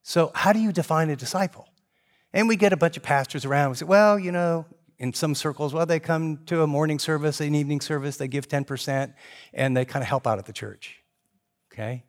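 Middle-aged guy pastor preaching, talks super fast, lively storytelling, kinda high voice. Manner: fast-talking, animated storyteller. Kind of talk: sermon.

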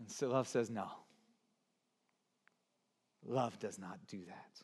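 A pastor in his forties preaching a sermon, moving from hushed, soft passages to loud, emphatic ones. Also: lowish voice, slow, pauses often, husky. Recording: long hall reverb.

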